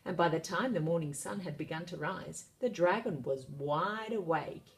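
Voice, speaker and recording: A woman reading a children's picture book aloud, narrating in a lively, expressive way. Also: lowish voice, moderate pace. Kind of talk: storybook read-aloud narration.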